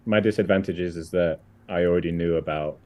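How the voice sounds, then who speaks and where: A man chats as a guest on a live stream, speaking haltingly and restarting often. His voice is very deep. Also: dark tone. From United Kingdom. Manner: halting, with many restarts and fillers. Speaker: guest on a photography chat stream. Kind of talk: casual live-stream chat.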